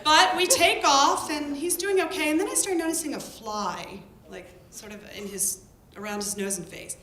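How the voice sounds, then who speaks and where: A woman telling a lively story about her field work to an audience. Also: moderate pace. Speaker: public health worker telling a story. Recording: echoey room with faint rumble.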